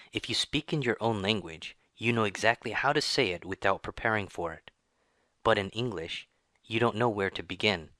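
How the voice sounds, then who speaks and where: A man narrating a scripted English lesson, reading in a slow, even and careful way. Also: fairly low pitch, no echo. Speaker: English teacher.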